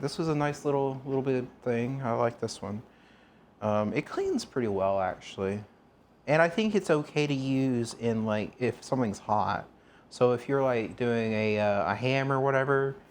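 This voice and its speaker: Casual streamer: man, mid-pitched, talking to chat while he cooks, faint background hiss. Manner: chatty, asks viewers questions, rambles while working. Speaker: streamer cooking live.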